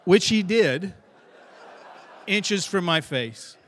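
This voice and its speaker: A former police officer telling a wry, self-deprecating story about a fight on the job. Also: male voice, high-pitched, animated, extremely slow, fairly bright tone, long reverb tail. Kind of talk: first-person storytelling.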